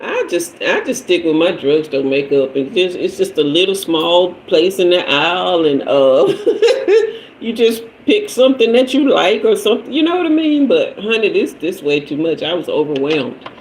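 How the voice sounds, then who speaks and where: A woman with a somewhat low voice hosts a live tarot stream, chatting easily with viewers and laughing often. She sprinkles endearments like "honey" through her talk, and a faint hum sits behind her. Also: animated, normal speed, low-quality recording. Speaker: tarot reader and livestream host. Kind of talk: casual livestream storytelling.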